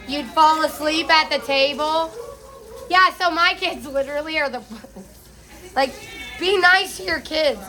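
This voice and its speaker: A woman's voice: high voice, bright, forceful tone, poor audio. A middle-aged woman chatting candidly while bathing a cat, swearing freely as she talks. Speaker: pet groomer vlogger.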